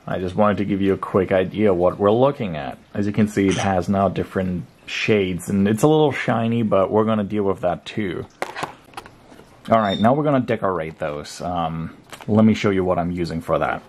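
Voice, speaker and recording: A man with a fairly low voice talks through a hobby crafting tutorial at his desk at home. His delivery is relaxed and chatty, and he fills pauses with frequent ums and uhs. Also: slight background noise. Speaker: crafting vlogger. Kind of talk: casual hobby tutorial narration.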